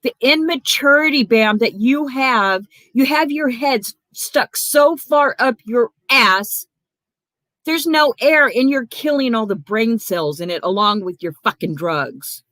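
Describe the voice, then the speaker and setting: Her voice sits on the high side, pushed and bright, expressive and measured in pace, with no echo. She's a livestream host in an angry, confrontational rant, cursing and naming viewers directly.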